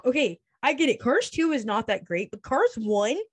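A woman's voice: a little high, expressive, normal speed, husky. A woman cohosting a podcast, chatting casually in a playful, giggly, self-mocking way. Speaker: podcast co-host. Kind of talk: casual chat.

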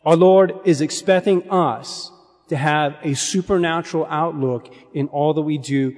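Earnest male preacher, slightly high voice, measured delivery, long hall reverb. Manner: earnest, measured, dropping to a hush on key phrases. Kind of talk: sermon.

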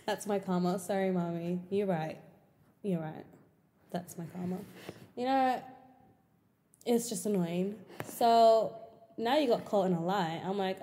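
A young woman hosting a podcast, telling a personal story in casual chat, swearing and getting animated when exasperated. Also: a little slow, pauses often, in a large hall, a little hiss or hum. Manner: animated, swears often, frequent pitch jumps when exasperated. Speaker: podcast host.

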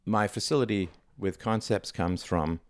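A middle-aged man with a very low voice talks on his own show in a reflective, conversational way, leaning hard on key words. The recording is dry and close, with no room sound. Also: moderate pace, no room sound. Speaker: podcast host. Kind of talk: solo monologue.

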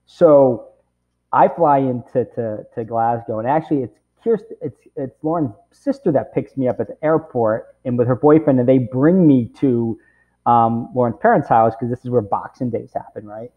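A man's voice: medium pitch, moderate pace. Rambling man in his forties, phone-like sound. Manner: rambling, packed with "you know" and "right?". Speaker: guest, camp director. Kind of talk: casual storytelling interview. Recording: tinny phone-like audio.

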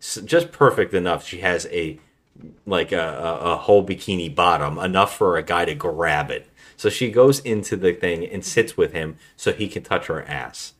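A man hosting a podcast, casually retelling a movie plot in a rambling, relaxed way. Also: deep voice, moderate pace. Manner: rambling, relaxed storytelling with frequent restarts. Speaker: podcast host.

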